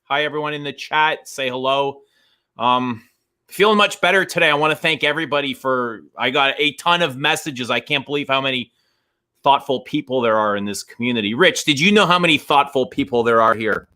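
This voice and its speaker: A middle-aged Canadian man talks through a stream in loose, rambling chat. His voice is bright and forward, with a mid pitch, and he often stops and restarts his sentences. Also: fairly quick. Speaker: stream co-host. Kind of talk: casual chat.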